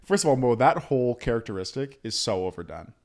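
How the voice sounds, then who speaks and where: A man trading crude banter on a relaxed podcast. He swears freely and keeps the talk animated and joking. He often slips into exaggerated voices to mock people. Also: medium pitch, fast talker. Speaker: podcast co-host.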